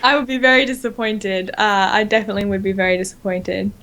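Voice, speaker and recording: A woman with an Australian accent co-hosting a casual gaming podcast, excitable and quick to laugh. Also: medium pitch. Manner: giggly, excitable, laughs often. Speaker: podcast co-host.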